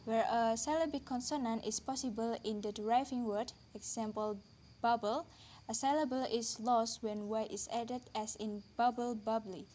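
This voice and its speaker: A woman's voice: on the high side, fairly even intonation, warm tone, a little hiss or hum. Woman reading a careful lesson aloud. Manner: careful, deliberate reading, slowing on example words. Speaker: lecturer. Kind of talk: read-aloud linguistics lesson.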